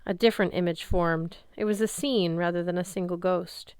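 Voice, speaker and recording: Woman, story narration, expressive, smooth, dry. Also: lowish voice, normal speed, no room sound. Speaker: audiobook reader. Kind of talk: first-person story narration.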